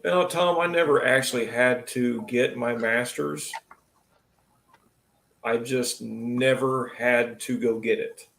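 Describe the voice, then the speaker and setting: A man's voice: mid-range voice, steady tone, slow, creaky, fairly bright tone, roomy sound. A man who works as an auto technician, hosting a casual live stream and talking bluntly and profanely about shop work.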